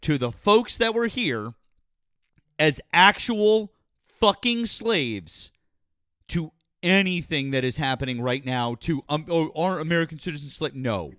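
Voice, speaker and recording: A man's voice: a little high, expressive, a little slow, a bit bright, no echo, clean studio sound. A young man hosting a call-in show, blunt and combative, swearing often in a heated debate.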